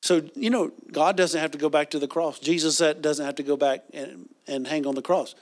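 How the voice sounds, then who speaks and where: A man's voice: on the high side, moderate pace. A man preaching a sermon, reading scripture and leading the congregation in call-and-response.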